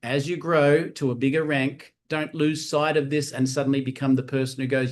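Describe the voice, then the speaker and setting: A man giving an energetic, motivational training talk at a live session, repeating key phrases and acting out sales-call dialogue. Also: mid-range voice, moderate pace. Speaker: network marketing trainer.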